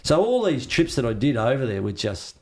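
A sing-song, mid-range voice, fairly quick, belongs to an older Australian surfer rambling through surf-trip yarns in a casual interview. Relaxed and freely profane, he performs the quoted dialogue himself.

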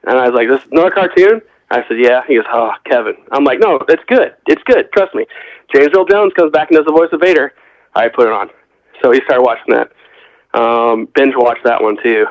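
A man's voice: mid-range voice, brisk, no room sound. Casual male podcast co-host, rambling storyteller, muffled dry mic. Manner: rambling storyteller, acts out quotes. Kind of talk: casual chat. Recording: dull, dry lo-fi sound.

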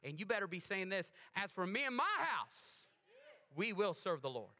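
Male pastor, bright and forceful, animated call-and-response preacher. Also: high voice, moderate pace. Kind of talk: sermon.

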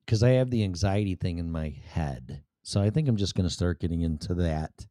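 A man's voice: deep voice, animated, a little fast, dark tone, no echo, clean studio sound. A middle-aged man talking candidly to the camera in a blunt, rambling, profane way. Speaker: vlogger. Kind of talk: candid personal monologue.

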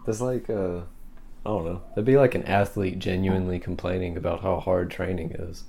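A man's voice: low voice, steady tone, normal speed, vocal fry, warm tone, slight background noise. A man co-hosting a casual podcast, laid-back and joking. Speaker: podcast co-host.

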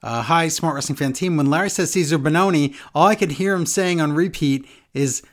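A man's voice: a little high, brisk. A man co-hosting a casual podcast, reading listener emails aloud and breaking in with joking asides. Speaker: podcast co-host.

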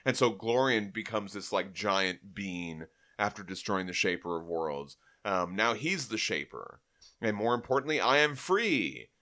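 Casting note: animated male podcast host, bright tone, casual comic recap. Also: on the low side, normal speed. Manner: animated, acts out quotes.

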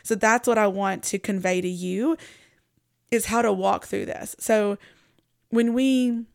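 A woman's voice: medium pitch, steady tone, measured pace, creaky, darkish tone, no echo, studio quality. A woman hosting a Christian podcast, talking in an earnest, reflective, conversational way. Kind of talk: casual devotional podcast talk.

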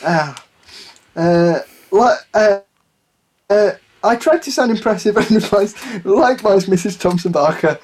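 A man's voice: high-pitched, lively intonation, a little slow, darkish tone. A man reading a listener's story aloud on a comedy podcast, laughing at it as he goes. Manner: giggly, keeps breaking into laughter.

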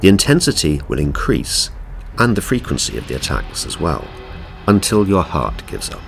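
Brief: a man playing a deep, unhurried male interrogator, politely menacing, audiobook. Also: wildly swooping pitch, vocal fry, faint music behind, heavily acted. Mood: cold. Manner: clinical, unhurried, menacing courtesy. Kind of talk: audiobook reading.

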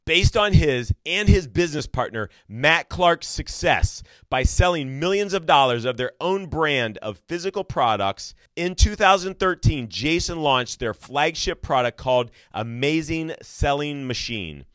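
A man's voice: fairly high pitch, animated, measured pace, hardly any pauses, fairly bright tone, dry recording. A man hosting an interview podcast, introducing his guest with upbeat energy. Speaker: podcast host.

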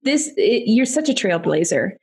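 A woman's voice: medium pitch, very animated, normal speed, a little mellow, slightly rough. A woman hosting a podcast interview remotely, encouraging and thanking her guest. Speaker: podcast host. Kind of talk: casual interview.

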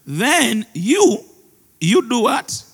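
A male pastor preaches slowly in a high, gravelly voice. He breaks into laughter often and slips Luganda phrases into his sermon. His voice rings out with the long reverb of a large church hall. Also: big pitch swings, a bit bright.

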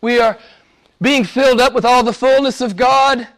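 A man preaching a sermon and praying to a live congregation, earnest, slowing down and stretching key words for emphasis. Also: very high-pitched, fairly even intonation, fairly bright tone.

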